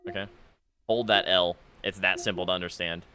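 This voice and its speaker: A man's voice: deep voice, steady tone, fairly quick, crowd noise. A young man giving casual, sarcastic commentary while reading out chat messages from a game, exasperated and mocking. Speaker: gaming content creator.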